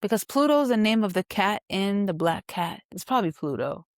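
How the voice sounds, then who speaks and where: A woman's voice: medium pitch, lively intonation, fairly quick, no room sound, clean studio sound. A woman co-hosting a podcast, chatting casually and thoughtfully about a show. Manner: thoughtful, hesitant, with fillers. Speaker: podcast co-host.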